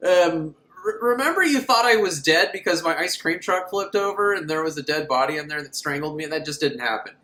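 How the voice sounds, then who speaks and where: A man's voice: a little high, expressive, brisk, sharp tone, reverberant. A man voicing a cheerful, goofy adult ice cream man who talks in an overly chummy, rambling way. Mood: breezy.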